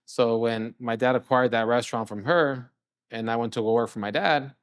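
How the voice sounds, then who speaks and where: A man's voice: medium pitch, moderate pace, clear, resonant tone, no room sound, clean studio sound. A middle-aged man from California, a chef and guest on an interview show, telling stories casually and acting out dialogue. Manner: animated storyteller, often acts out quoted dialogue. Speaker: chef and restaurant owner, guest.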